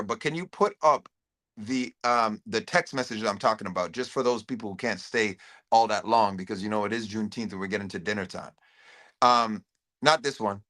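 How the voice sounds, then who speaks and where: A middle-aged man talks casually to his livestream audience at an ordinary pitch. He often repeats and restarts words and reads viewer comments aloud. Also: bright, forceful tone. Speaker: host.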